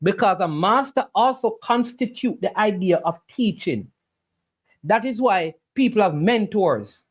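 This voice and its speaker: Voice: mid-range voice, lively intonation, measured pace, breathy edge. A livestream host, arguing back at the chat with preachy rhetorical questions. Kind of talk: casual argumentative livestream talk.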